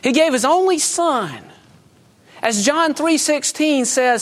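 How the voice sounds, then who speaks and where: A man's voice: very high voice, sing-song, slow. A middle-aged man preaching a sermon, mixing folksy stories and chuckles with urgent, earnest appeals. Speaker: pastor.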